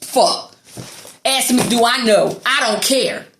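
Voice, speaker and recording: A woman's voice: fairly high pitch, slow pace, fairly bright tone, echoey room, a little hiss or hum. A woman delivering an angry, sarcastic, profanity-heavy rant to her viewers. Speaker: vlogger. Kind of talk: angry ranting monologue.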